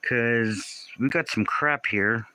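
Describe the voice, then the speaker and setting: A man's voice: medium pitch, slow, pushed and bright, low-quality recording. A man hosting a casual livestream from home, greeting viewers by name and puzzling over their comments. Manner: reads out and answers viewer comments, often confused. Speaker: livestream host.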